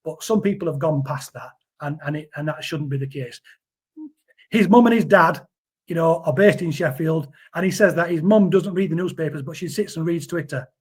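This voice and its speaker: Man, husky voice, fairly high pitch, earnest, interview guest. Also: normal speed, darkish tone. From Yorkshire, England. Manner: earnest, defensive, repeats words. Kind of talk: casual interview chat.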